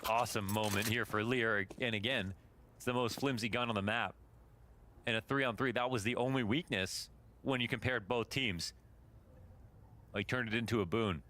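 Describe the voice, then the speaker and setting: A man's voice: lowish voice, normal speed, long pauses, bright, forceful tone. A man giving analytical color commentary on an esports match, breaking down the plays.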